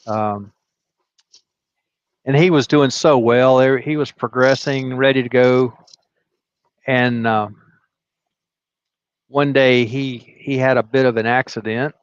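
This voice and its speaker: A man on a livestream call, telling stories in a halting way with frequent restarts and chuckles. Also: mid-range voice, fairly even intonation, clean tone, muffled recording. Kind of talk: casual storytelling chat.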